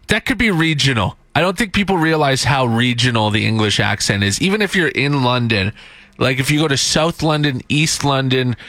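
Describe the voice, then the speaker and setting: A man's voice: medium pitch, pushed and bright, no echo. A man hosting a morning radio show, chatty and teasing his co-hosts.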